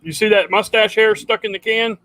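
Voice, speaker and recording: A man's voice: high voice, steady tone, a little fast, a bit bright, poor audio. A man hosting a casual livestream chat, rambling and chatty, often calling people dude. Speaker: livestream host.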